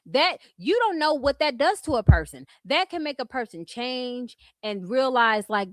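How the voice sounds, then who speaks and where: Californian lady going off on trolls, high voice, cussing, dry close sound. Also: expressive, moderate pace, hardly any pauses, a bit bright, dry recording. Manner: blunt, profane, laughing rants at trolls. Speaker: YouTube commentary host. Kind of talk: ranting commentary vlog.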